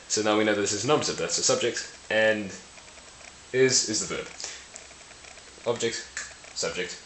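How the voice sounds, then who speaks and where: A man's voice: lowish voice, measured pace, long pauses, fairly bright tone. A man explaining language ideas to camera in a casual, playful way, often correcting himself and laughing at his own slips. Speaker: language video host. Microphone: camera mic. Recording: roomy with faint hiss.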